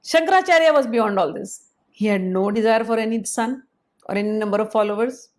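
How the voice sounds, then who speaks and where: Woman, a spiritual teacher; slightly high voice, explanatory and measured lecture delivery. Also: darkish tone. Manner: explanatory, measured, pausing to spell out syllables. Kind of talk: spoken lecture.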